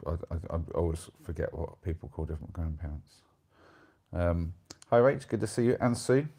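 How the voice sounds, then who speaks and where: Hosting a live stream, an English-accented man in his thirties speaks at a normal pace in a low, warm, expressive voice with a breathy edge. He rambles casually and self-deprecatingly while reading and responding to viewer comments.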